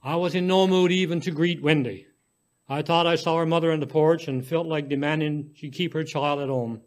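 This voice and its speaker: A man reading a short story aloud in a gentle, unhurried way, now and then stumbling and restarting a word. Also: on the high side, fairly even intonation. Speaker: story reader.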